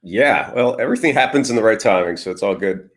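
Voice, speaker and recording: A man speaks as a guest in a casual podcast interview. He is relaxed and easygoing, and his voice sits somewhat low. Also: fast.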